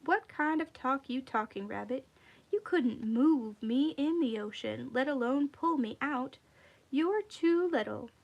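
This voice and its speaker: A woman's voice: high voice, lively intonation, measured pace, lo-fi sound, heavily acted. A woman voicing a huge, proud male whale who brags in an easygoing way. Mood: boastful. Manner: boastful, easygoing.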